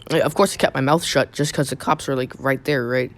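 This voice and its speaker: A man's voice: medium pitch, fairly even intonation, a little fast. A young man casually telling a personal story on his channel, rambling with many fillers and restarts. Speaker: YouTube storyteller.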